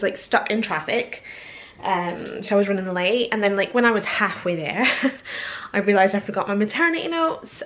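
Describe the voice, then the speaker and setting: A young woman talks to the camera she holds in her hand, sitting at home. She sounds emotional and close to tears as she rambles through her thoughts. Her speech is casual and full of pauses and ums. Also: mid-range voice. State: teary and tired. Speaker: vlogger. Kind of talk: casual vlog chat. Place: at home indoors. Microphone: handheld camera.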